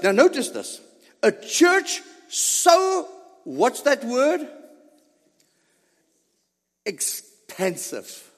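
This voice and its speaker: A man preaching a sermon as pastor, posing rhetorical questions, answering them himself and building up to shouts. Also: high voice. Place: church sanctuary. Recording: long reverb of a large hall.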